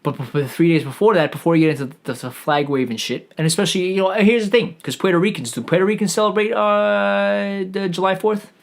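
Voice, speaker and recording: A man's voice: sits high, fairly quick, gravelly, few pauses. A man holds forth alone on his podcast, talking in loose, profane tangents. He stumbles over his words and restarts his sentences again and again as he goes. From New York. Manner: rambling, profane, lots of restarts and stammering. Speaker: podcast host. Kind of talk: rambling profane monologue.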